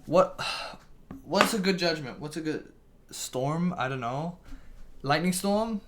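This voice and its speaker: A man with a fairly high, expressive voice streams a card game at a slow pace, with background noise. He chats casually with his viewers, reading chat aloud, restarting sentences a lot and swearing offhandedly.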